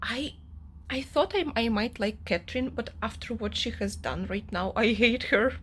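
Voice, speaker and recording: In a casual reading vlog, a young woman gets worked up about a novel, venting with lots of feeling and plenty of fillers. Her slightly high voice is animated and moves at a moderate pace, and there's a bit of background noise.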